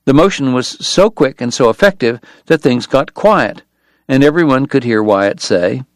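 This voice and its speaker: Male narrator, mid-pitched, steady and measured, dry close studio sound. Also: no room sound. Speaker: audiobook narrator. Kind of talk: scripted narration.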